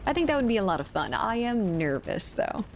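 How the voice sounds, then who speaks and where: A woman's voice: medium pitch, sing-song, brisk, a little hiss or hum. An American woman streaming a game, chatting casually with viewers, laughing often and swearing now and then. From United States. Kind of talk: casual gaming stream chat.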